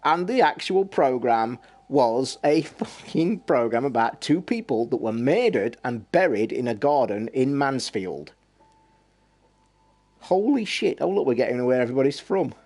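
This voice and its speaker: This livestream host is from Derbyshire, England, and speaks with an East Midlands accent in a mid-range, slightly mellow, sing-song voice at a measured pace. Chatting casually with viewers, he rambles through stories, swearing and laughing a lot.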